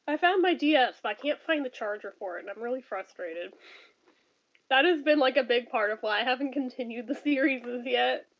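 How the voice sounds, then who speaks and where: A woman's voice: on the high side, expressive, fairly quick. A woman in her thirties chatting casually on a home stream, blunt and profane, laughing often and ranting. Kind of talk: casual chat reading viewer comments. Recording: dull lo-fi stream audio.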